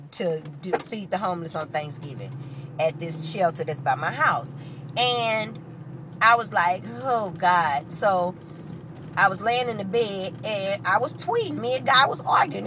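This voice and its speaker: Brief: St. mom vlogger, animated and salty storyteller, mid-pitched voice, car noise behind. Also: female voice, normal speed. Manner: animated, profane, chatty. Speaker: mother telling a story. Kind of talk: casual storytelling vlog.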